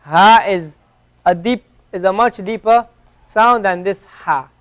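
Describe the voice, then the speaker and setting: A man's voice: sits high, a little slow. A man teaching an Arabic class, patiently repeating each letter sound to demonstrate its pronunciation. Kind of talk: classroom lesson. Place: classroom at an Islamic center.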